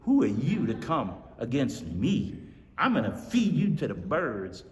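Brief: sneering giant soldier, low and menacing, put on by a preacher, miked from far off. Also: male voice, huge pitch swings, a little slow, darkish tone. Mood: taunting. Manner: taunting, sneering. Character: boastful giant male warrior, mocking and menacing. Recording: echoey hall from far off.

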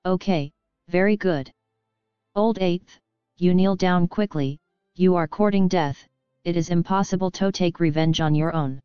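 A woman's voice: fairly low pitch, unhurried, clean tone, no room sound, lightly acted. A woman voicing a gloating, cruel male villain leader who mocks his enemies, in a dull recording with faint music. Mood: taunting. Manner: mocking, gloating.

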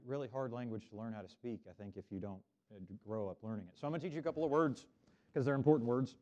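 A middle-aged Oklahoma minister with a fairly low, dark voice gives a friendly children's sermon in a church sanctuary, having the kids repeat words after him. The recording is dull and lo-fi.

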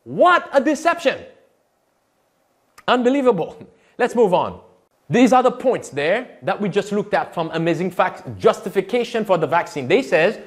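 Pastor-commentator, male, high and animated voice, emphatic, keeps asking the listener questions. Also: normal speed. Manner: emphatic, repeats quotes, asks rhetorical questions. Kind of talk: sermon-style video commentary.

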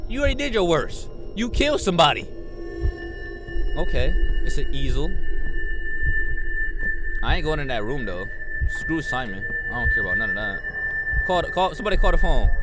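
A young man giving horror game commentary, brashly trash-talking in slang. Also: on the high side. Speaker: gamer. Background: game music.

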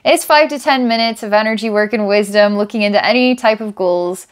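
A woman's voice: medium pitch, fairly quick. Enthusiastic woman giving a casual psychic reading. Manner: enthusiastic, laughs often, thinks aloud. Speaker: psychic reader.

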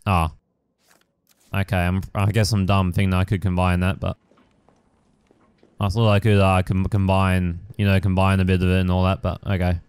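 A young man talks through a video game in loose, casual commentary. He rambles, trails off and swears lightly, filling gaps with ums and likes. His voice sits lowish and sounds very smooth and clear. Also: little pitch movement, moderate pace, pauses often, darkish tone, no room sound. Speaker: gaming channel host. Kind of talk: casual let's-play commentary.

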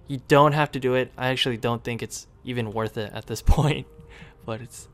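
Talking to his game units and coaxing them along, a gaming video creator delivers casual, chatty commentary on his own gameplay. His mid-range voice moves at normal speed, punctuated by sudden excited outbursts, with soft music in the background.

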